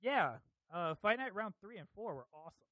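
A man hosting a casual podcast chat, laid-back and quick to laugh. His voice sits a little high, and the recording is dry. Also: very animated, sharp tone, no room sound. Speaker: podcast host.

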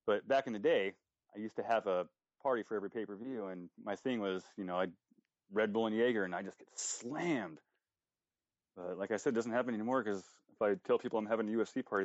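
A man chatting on a podcast at a rapid clip, joking and swearing freely. The sound is dull and lo-fi, with no room echo. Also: on the low side. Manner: profane, joking, quick-talking. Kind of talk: casual chat.

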